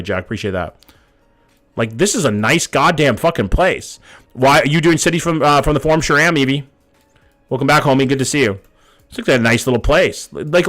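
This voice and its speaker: This live streamer is a man in his thirties whose voice sits on the high side with a touch of brightness. Reacting to viewers' hometowns in real time, he keeps it loose and profane while reading messages from chat aloud.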